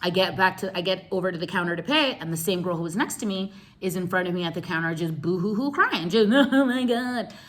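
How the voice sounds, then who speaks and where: An animated woman spins a casual storytime for her viewers, her voice bright and forward. She talks in easy slang and laughs her way through it. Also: lowish voice, fast. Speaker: vlogger telling a story.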